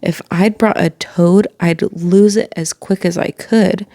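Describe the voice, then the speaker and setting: A woman's voice: on the low side, fairly even intonation, unhurried, warm tone, no echo, studio quality. A woman voicing a chatty, cheeky young wizard boy in an offhand, grumbling way for a storybook read-aloud.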